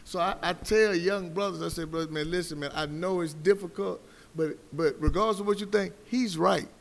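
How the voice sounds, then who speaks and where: High-pitched with vocal fry and a brisk pace, a male panelist delivers stories and arguments with emphatic, sermon-like force. Hall reverb and a faint background hum color the recording.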